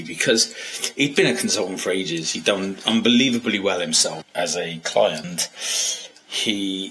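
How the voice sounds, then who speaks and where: Deep-voiced blunt British man vlogging. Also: pushed and bright, a little hiss or hum. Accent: British English. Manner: blunt, sweary, rambling storytelling. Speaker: diet vlogger and coach. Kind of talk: candid personal vlog. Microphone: handheld vlogging camera.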